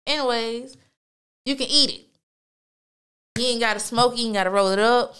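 Woman, casual podcast host, slangy and profane, somewhat high voice, smooth clear tone. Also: normal speed, a bit bright. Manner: laid-back, slangy, heavy cursing, lots of fillers. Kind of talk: casual storytelling monologue.

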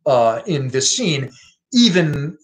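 A man giving a casual, wry explanation of a play, halting often with fillers and restarts. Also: a little high, very animated. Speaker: literature explainer.

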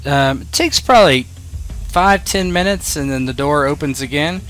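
A man's voice: a little high, normal speed, a bit bright. A man narrating a tabletop game as game master, casual and full of fillers. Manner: casual, hesitant, filler-heavy.

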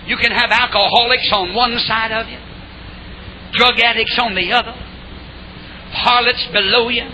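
An older man preaching a revival sermon, shouting and calling on the crowd to answer back. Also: very high-pitched, a little hiss or hum, rough recording. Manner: shouting, call-and-response exhortation.

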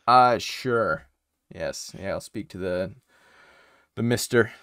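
A man's voice: lowish voice, slow, fairly bright tone, clean tone, no echo, studio quality. A man playing a tabletop game, talking in character casually and hesitantly with many fillers. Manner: hesitant, many ums and uhs. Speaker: player.

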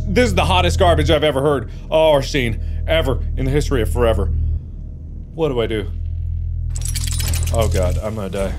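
A man hosting a horror game let's play, excitable and rambling, slipping into silly baby talk. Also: fairly high pitch, moderate pace, pauses often, over music. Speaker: gaming video host.

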